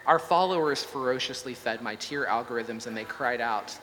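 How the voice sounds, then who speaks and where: A man's voice: medium pitch, moderate pace, fairly bright tone, natural voice. A man reading aloud as a ravenous, all-knowing AI god in a solemn, declamatory scripted performance. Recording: long hall reverb, faint hum.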